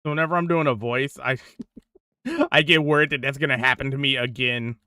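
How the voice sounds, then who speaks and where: A man's voice: medium pitch, lively intonation, brisk, bright, forceful tone, dry recording, studio quality. A young man chatting casually on a gaming stream into a desk mic, slangy and laughing often.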